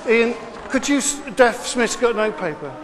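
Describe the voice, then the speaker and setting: High-voiced man teaching children. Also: expressive, big-room sound, crowd noise. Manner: brisk, encouraging, repeats instructions. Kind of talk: classroom instruction. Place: classroom with children.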